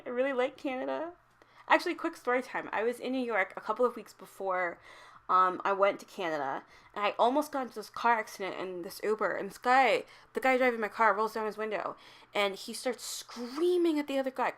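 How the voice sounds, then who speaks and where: A young adult woman vlogging in a casual, chatty way, laughing often and growing animated in stories. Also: a little high. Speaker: travel vlogger. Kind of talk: casual chat.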